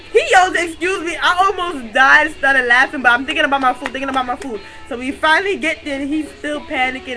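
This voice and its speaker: A young woman telling a funny story to her camera in casual slang, excitable and often breaking into laughter. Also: sits high, poor audio. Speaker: vlogger.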